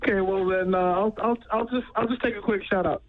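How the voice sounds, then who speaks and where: A caller phoning in to a radio show, talking quick and stumbling a bit. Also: medium pitch, fairly even intonation. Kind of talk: phone-in chat. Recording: muffled phone line with hiss.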